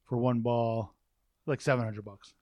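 A man's voice: mid-range voice, fairly even intonation, unhurried, no echo, dull audio. A man in casual chat, telling rambling stories full of swearing and quoted asides. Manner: profane, rambling storyteller.

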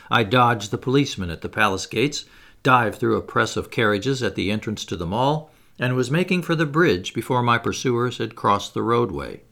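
A man reading a classic adventure novel aloud as an audiobook, in an expressive, dramatic way. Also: mid-range voice. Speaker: audiobook narrator.

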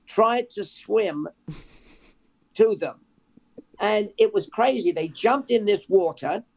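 A man, a journalist guest telling animated anecdotes in an interview. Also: sits high, vocal fry. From England. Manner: animated, anecdotal, repeats words as he builds. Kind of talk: interview storytelling.

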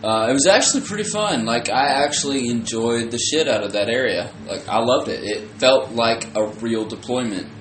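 A man's voice: mid-range voice, lively intonation, moderate pace, few pauses, a bit bright, a little hiss or hum. A young man co-hosting a podcast, talking bluntly and profanely with lots of filler words. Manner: blunt, profane, loose filler-heavy talk. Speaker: podcast co-host. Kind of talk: casual chat. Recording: echoey room with faint music.

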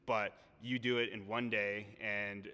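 A man hosting an interview, speaking quietly and haltingly with many fillers. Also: lowish voice, little pitch movement, clean tone. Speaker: podcast host. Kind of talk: casual interview chat. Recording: echoey hall, off-mic.

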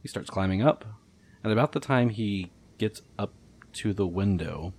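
Game master, man, deep husky voice, measured scene narration. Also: lively intonation, a little mellow.

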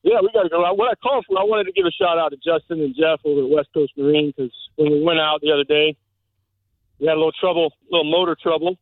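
Male caller, rapid chatty storyteller, tinny phone-line sound. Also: a little high, no echo. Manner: talks fast in bursts, chatty storyteller. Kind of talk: casual chat.

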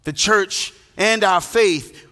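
A man's voice: high-pitched, slow pace, sharp tone. A man preaching a sermon as pastor, emphatic and half-singing his phrases, recorded in a large church hall. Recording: long hall reverb.

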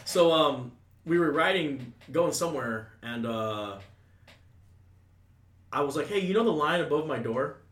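A man's voice: fairly high pitch, lively intonation, unhurried, long pauses, a bit bright, recorded from a distance. A man telling a crude story in casual talk, rambling and full of asides. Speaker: storyteller guest. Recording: echoey room, a bit off-mic.

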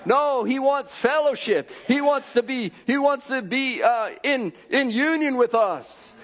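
A man preaching a fervent sermon, repeating phrases and rising to shouts. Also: extremely high pitch, a little slow.

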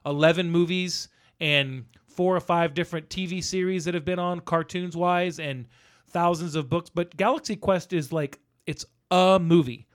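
Rambling, animated male podcast host. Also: fairly high pitch, moderate pace. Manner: rambling, animated storyteller, acts out quotes. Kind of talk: casual movie chat.

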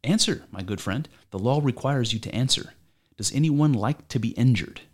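His medium-pitched voice is close to everyday speech, with lively intonation and a moderate pace. In this amateur dramatic reading, the man portrays an aging philosopher in court who confronts his accuser with probing, argumentative rhetorical questions.

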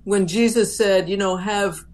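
A woman speaking in a gentle, affirming way in a casual spiritual chat. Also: mid-range voice, steady tone, unhurried.

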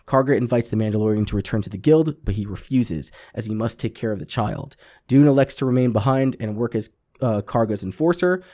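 A man co-hosting a casual podcast chat, recapping an episode in a loose, profane, animated way and tossing in quoted character lines. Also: medium pitch. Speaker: podcast co-host.

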